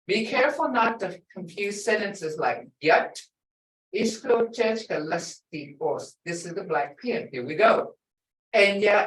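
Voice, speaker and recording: Older lady teaching a language class, low-ish voice, kinda far off the mic. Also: lively intonation. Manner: slow, drawn-out emphasis on example words. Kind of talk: language lesson. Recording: echoey room, voice far from mic.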